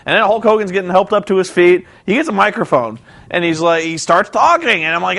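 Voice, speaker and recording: A man's rambling, casual commentary on a wrestling show, full of restarts and sudden impressions. His voice sits high and carries a gravelly rasp throughout. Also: fast talker, hardly any pauses. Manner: rambling, animated, acts out wrestlers in shouted bits. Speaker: vlogger recapping a wrestling show.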